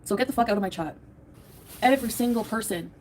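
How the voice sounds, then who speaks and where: A woman's voice: fairly high pitch, fast talker, darkish tone, slight background noise. A woman livestreaming at home, defensive and profane, ranting at her chat while tired and in a bad mood. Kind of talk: angry livestream rant to chat.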